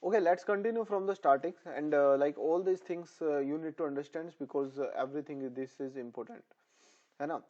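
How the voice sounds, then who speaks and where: A man gives a pediatrics lecture, his voice a little hoarse and fairly high but mellow in tone. He keeps repeating each term and range so students can memorize them. The recording sounds dull and lo-fi. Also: quick pace. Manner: repetitive, drilling terms for memorization. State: voice slightly hoarse. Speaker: nursing exam tutor. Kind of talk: online lecture.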